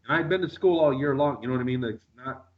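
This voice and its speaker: A man's voice: mid-range voice, rapid-fire, phone-quality sound. A man telling his story as a radio interview guest, rambling with lots of fillers and restarts.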